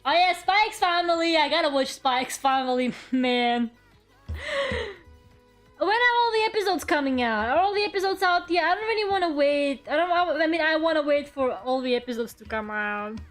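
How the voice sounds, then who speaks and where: A woman's voice: high-pitched, animated, moderate pace, fairly bright tone, soft background music. A woman streamer chatting casually and rambling from her room, now and then swearing and talking to her viewers. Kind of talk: casual live-stream chat. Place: her own room at home.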